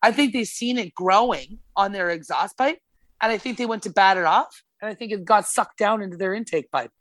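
A woman appears as a guest on a casual podcast, telling a story full of swearing and acted-out quotes. Her medium-pitched voice is a bit bright and brisk, and the studio recording is dry.

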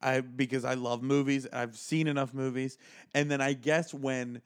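Hesitant mid-pitched man musing. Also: little pitch movement, normal speed, clear, resonant tone. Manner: reflective, hesitant with restarts. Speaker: podcast co-host, comedian. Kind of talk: casual chat.

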